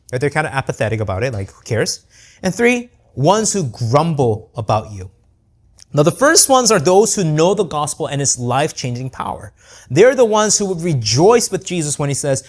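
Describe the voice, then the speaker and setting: Earnest preacher with lively pitch. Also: male voice. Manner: earnest, rhetorical questions, frequent "right?" tag. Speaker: pastor. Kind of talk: sermon.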